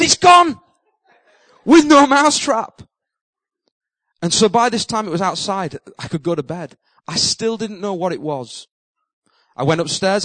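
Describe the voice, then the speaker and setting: A middle-aged man with a high-pitched voice preaches, telling a funny story and animatedly acting out his own panic in a self-mocking way. The audio is poor, with no room sound.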